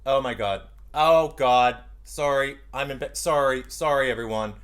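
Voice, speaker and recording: A man's voice: extremely high pitch, very animated, normal speed, a bit bright, voice pushed up, heavily acted. A man voicing a brash, self-absorbed woman co-host in a comedy sketch, talking in a dramatic, flustered, gossipy way.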